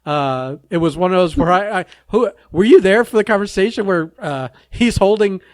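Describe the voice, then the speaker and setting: A man with a fairly high, very animated voice, co-hosting a laid-back podcast. He rants bluntly and swears freely, and the sound is close and dry. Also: normal speed, dry recording. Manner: blunt, profane ranting with frequent laughter. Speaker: podcast co-host. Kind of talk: casual podcast chat.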